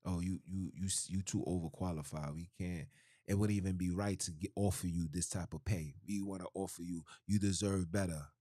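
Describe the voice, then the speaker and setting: A man doing a soft condescending interviewer. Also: sits low, fairly even intonation, fairly quick, dry recording, clean studio sound, pitched below the performer's own voice. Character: smooth condescending job interviewer, adult man.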